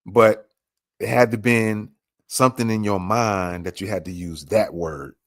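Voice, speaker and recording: A man's voice: on the low side, fairly even intonation, unhurried, no echo, clean studio sound. A man hosting a podcast, commenting on a clip with emphatic, repeated rhetorical questions. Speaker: podcast host.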